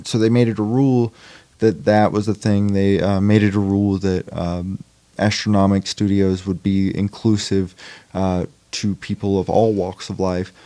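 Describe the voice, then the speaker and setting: A man's voice: sits low, little pitch movement, normal speed, dark tone, dry recording. A young man chatting casually as a podcast guest about acting in indie films, rambling with lots of fillers and restarts. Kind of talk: casual chat.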